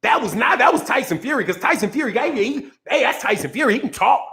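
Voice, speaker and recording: High-voiced man ranting heatedly. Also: expressive, fast, sharp tone. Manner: heated, profane, repeats himself, breaks into laughter. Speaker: boxing commentary channel host. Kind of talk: casual ranting commentary.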